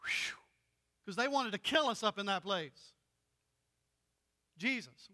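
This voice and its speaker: A male pastor delivers a storytelling sermon with a high, bright voice that rings with clarity. He talks in an animated way and acts out the voices of the people in his stories. His words echo with the long reverb of a church hall. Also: slow.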